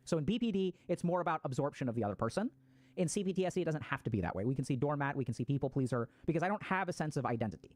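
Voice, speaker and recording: A man's voice: fairly high pitch, animated, racing, no room sound. A man giving a casual explanatory talk on mental health, swearing freely and acting out people's reactions.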